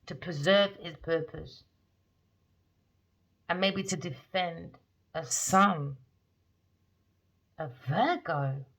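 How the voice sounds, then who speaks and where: Emphatic, gravelly-voiced woman reading tarot. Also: lowish voice, very slow, long pauses, a bit bright. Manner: rambling, emphatic, slangy. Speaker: tarot reader. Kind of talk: casual tarot reading monologue. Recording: dull lo-fi recording.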